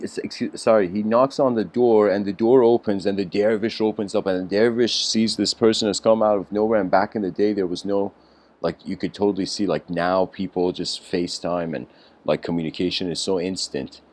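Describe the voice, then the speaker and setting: A man's voice: fairly low pitch, steady tone, moderate pace, a little mellow. A man giving a casual storytelling lecture, rambling with lots of fillers and self-corrections.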